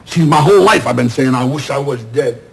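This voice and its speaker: An actor playing a middle-aged theatrical agent, loud, sardonic and self-pitying, in a 1970s TV drama. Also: male voice, mid-range voice, lively intonation, fairly quick, gravelly. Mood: regretful. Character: loud, bitter, wisecracking male theatrical agent. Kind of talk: 1970s television drama acting.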